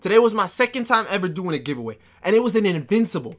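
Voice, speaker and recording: A man streaming a basketball video game live, talking fast and loose to his chat, excitable and quick to yell or laugh. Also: high voice. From New York. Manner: excitable, trash-talking, bursts into yelling and laughter. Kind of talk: live gameplay commentary.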